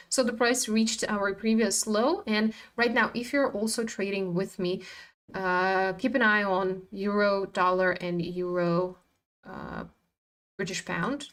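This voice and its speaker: A woman's voice: medium pitch, steady tone, slow, a bit bright. A woman hosting a live trading stream, chatting casually and animatedly, swearing freely and talking back at her chart.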